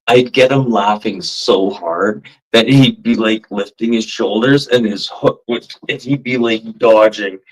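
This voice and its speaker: Slow, deep-voiced man telling rambling stories. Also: poor audio. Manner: rambling, profane, laughs while telling stories. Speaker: livestream chatter. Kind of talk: casual storytelling monologue.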